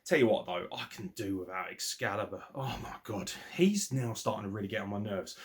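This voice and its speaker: A man's voice: lowish voice, fairly quick. A man hosting a wrestling review podcast, talking in a casual, opinionated way with lots of swearing and mocking asides. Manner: animated, sweary, mocking impressions.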